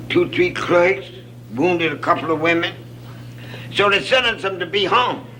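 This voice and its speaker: A man's voice: a little high, bright, forceful tone, a little hiss or hum, poor audio. A man telling folksy jokes, laughing at his own stories and drawing out the punchlines.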